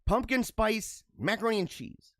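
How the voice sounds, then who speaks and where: A man with a high, very lively voice hosts a casual news-riffing show, reading headlines and then wandering into playful, laughing asides. The sound is dry and close, with no room echo. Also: moderate pace. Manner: animated, laughs and riffs between read-aloud headlines. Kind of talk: casual commentary on news items.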